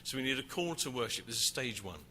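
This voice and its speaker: A man teaching about worship at a conference, animated as he tells a story. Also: medium pitch, fast, a little hiss or hum. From England. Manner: animated, acts out shouting crowd. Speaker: worship leader. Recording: reverberant hall, faint ambience.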